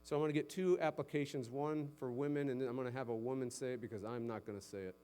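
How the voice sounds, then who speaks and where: A male pastor preaching a sermon who climbs to loud, emphatic exhortation and then drops low and soft. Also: fast talker, smooth.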